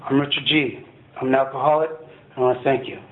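A man sharing his recovery story at a meeting, animated and swearing, often asking "right?". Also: mid-range voice, fast talker. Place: meeting hall. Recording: echoey hall over a tinny phone-like line.

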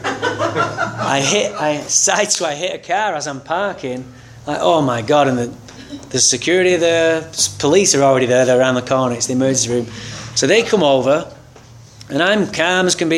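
A man's voice: medium pitch, moderate pace, slight background noise. A man telling a candid, wry personal story about his recovery, acting out the people in it. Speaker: speaker sharing a recovery story.

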